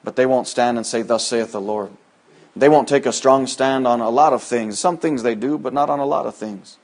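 A man preaching a sermon, moving between loud, high-pitched emphatic lines and low, quiet asides. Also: steady tone, brisk. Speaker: pastor.

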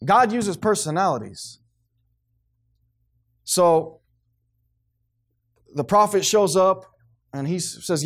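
A man's voice: sits high, unhurried, long pauses. A man preaching a sermon to a congregation, acting out the voices of the people he quotes. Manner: animated, acts out quoted voices, responsive amens from congregation.

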